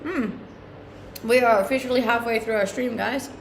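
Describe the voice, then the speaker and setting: Her voice on the high side, steady in tone and moderately paced, a young Scandinavian woman chats on a live stream and responds to comments, upbeat and quick to laugh. She speaks a mixed English accent tinged by her native Scandinavian language. The audio is roomy and echoing, with slight background noise.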